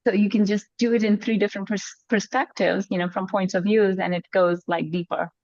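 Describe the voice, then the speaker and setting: A woman in a group explains a personal practice in loose, casual conversation, saying "like" and "you know" a lot. Her medium-pitched voice is a little fast and mellow, with little pitch movement. The lo-fi recording sounds dull and dry, with no room sound.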